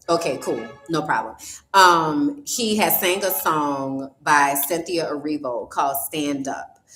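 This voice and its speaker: A woman's voice: low voice, a bit bright. A woman host chatting casually with her livestream audience, a little flustered and talking straight to her chat. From New Orleans. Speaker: podcast host. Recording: roomy echo.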